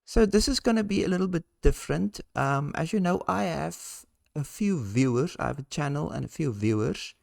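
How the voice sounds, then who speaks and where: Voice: medium pitch, animated, normal speed, vocal fry, few pauses, darkish tone, dry recording, studio quality. A channel host relaying viewer questions in casual, hesitant chat. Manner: hesitant, with restarts.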